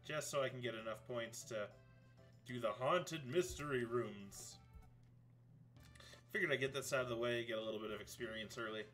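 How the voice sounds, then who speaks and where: A man's voice: mid-range voice, moderate pace, pauses often, fairly bright tone, soft background music. A man streaming a retro video game, chatting casually and rambling through his ratings and plans. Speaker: let's play streamer. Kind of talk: game commentary.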